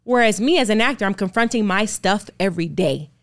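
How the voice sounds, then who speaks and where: A woman in her thirties talks candidly as a guest on a podcast, her voice sitting at an ordinary middle pitch. She speaks earnestly and with emphasis. She often stacks one rhetorical question on another. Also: expressive, fairly quick. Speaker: podcast guest, actor and producer. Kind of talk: candid interview talk.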